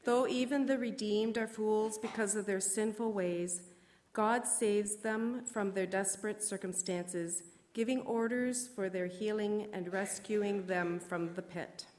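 A woman's voice: mid-range voice, fairly even intonation, unhurried, a little mellow. A woman leading a congregation in a responsive prayer, reading aloud solemnly. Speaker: worship leader.

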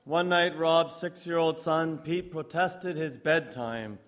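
A male pastor delivers a sermon in a storytelling manner. His voice sits slightly high. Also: slow, fairly bright tone. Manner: storytelling with acted quotes.

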